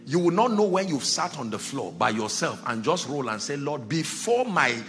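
A man preaching a sermon as pastor, dramatic, dropping to a hush and rising to shouts, acting out the people in his stories. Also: medium pitch, big pitch swings, brisk, soft background music. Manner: acts out Bible characters in quoted dialogue.

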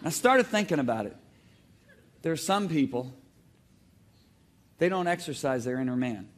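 A male preacher on stage at a church, his voice sitting a little high and swinging widely in pitch as he tells stories. He preaches in an animated way, breaks into loud exclamations and gets the congregation to call out answers. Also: moderate pace. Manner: calls on the congregation to shout back. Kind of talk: sermon. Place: church hall before a congregation.

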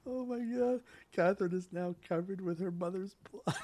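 A man's voice: high voice, normal speed, a little mellow. A man hosting a show, reading his own old screenplay aloud and breaking into hysterical laughter. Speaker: podcast host.

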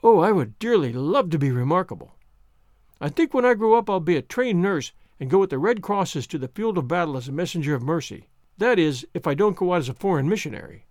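A man voicing a chatty, dreamy, excitable orphan girl in a storybook reading, speaking in a gushing, romantic way. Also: a little high, no echo, clean studio sound.

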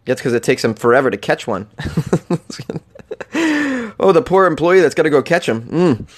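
A man's voice: mid-range voice, lively intonation, moderate pace, pauses often. Sarcastic man hosting a comedy news show. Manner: sarcastic, swears casually, laughs at his own jokes. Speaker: podcast host.

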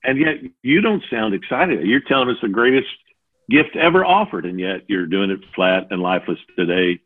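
A man's voice: medium pitch, moderate pace. Older man on a tinny line. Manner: animated, acts out quoted voices. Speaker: preaching mentor. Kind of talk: interview answers. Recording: phone-like narrow audio.

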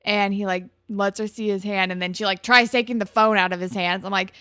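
A woman's voice: medium pitch, fairly quick, few pauses, smooth, no echo, clean studio sound. A woman co-hosting a podcast, retelling a TV episode in casual chat with "like" fillers and small restarts. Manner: steady plot summarizing with "like" fillers and small restarts. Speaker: podcast co-host.

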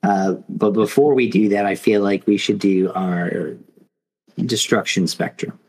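Rambling husky-voiced man. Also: lowish voice, a little slow, darkish tone, low-quality recording. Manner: rambling, filler-heavy storytelling. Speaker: podcast co-host. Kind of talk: casual podcast banter.

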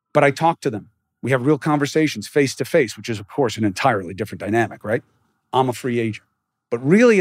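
A man's voice: medium pitch, no echo, clean studio sound. A man hosting a podcast, talking straight to his listeners in short, emphatic bursts and firing rhetorical questions at them. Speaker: podcast host. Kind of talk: direct-to-listener podcast monologue.

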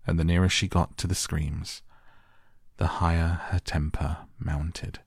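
A man reads a classic story softly for sleep, in a very deep voice with a gravelly fry. He takes his time, calm and measured, and the sound is close and dry. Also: no room sound. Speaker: audiobook narrator. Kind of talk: soft bedtime audiobook reading.

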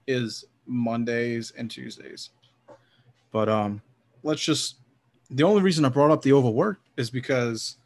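A man from New Orleans co-hosting a casual sports podcast, laughing often and swearing freely. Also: medium pitch. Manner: laughing, loose and profane. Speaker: podcast co-host. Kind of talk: casual chat.

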